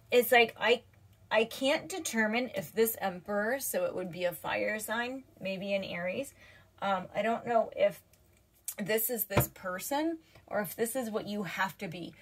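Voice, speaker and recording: A woman reads tarot cards for her viewers in a casual, chatty way, full of fillers and restarts. She is teary and emotional as she talks, her voice sitting at a middle pitch. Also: measured pace, husky. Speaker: tarot reader.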